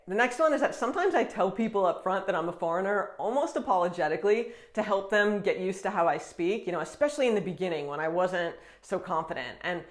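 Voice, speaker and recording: An American woman vlogging straight to the camera, her voice sitting at a middle pitch. She talks in a chatty, animated way, often breaking into quick laughs. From United States. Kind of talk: casual talk to camera.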